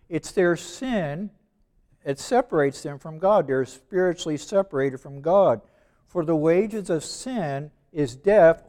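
A man in his seventies preaching a sermon, stressing and repeating key words and slowing down when he reads verses aloud. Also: on the high side, darkish tone. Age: 70s. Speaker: preacher teaching evangelism.

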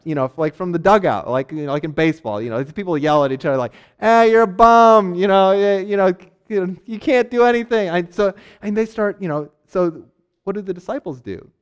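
Male preacher, high-pitched voice, chatty teaching sermon that slips into little character bits. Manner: conversational, acts out characters in quick asides; frequent fillers and restarts, laughs lightly. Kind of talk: sermon, teaching on a Bible passage.

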